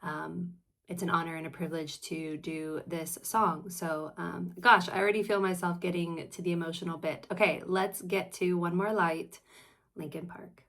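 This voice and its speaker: A woman's voice: on the low side, steady tone, normal speed, fairly bright tone. A woman therapist hosting a reaction video, talking in a casual, earnest and reflective way as she shares personal stories.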